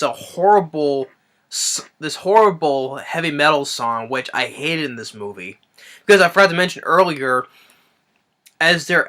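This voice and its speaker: A man giving a casual spoken film review, halting and restarting his phrases as he thinks aloud. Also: medium pitch, pushed and bright. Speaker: movie reviewer.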